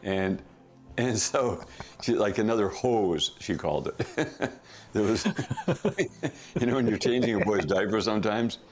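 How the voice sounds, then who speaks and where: A middle-aged man casually telling a family story as a podcast guest, chuckling often and throwing in quick asides. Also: fairly low pitch, animated, faint music behind.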